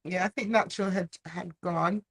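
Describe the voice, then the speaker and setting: A woman's voice: fairly low pitch, steady tone, normal speed, slightly rough. Frank woman co-host. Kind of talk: casual live stream chat.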